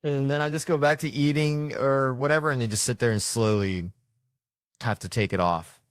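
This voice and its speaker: A man's voice: medium pitch, moderate pace, no echo, clean studio sound. A man telling profane, rambling comic stories and voicing the people in them. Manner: profane, rambling anecdotes with voiced quotes. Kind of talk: stand-up storytelling.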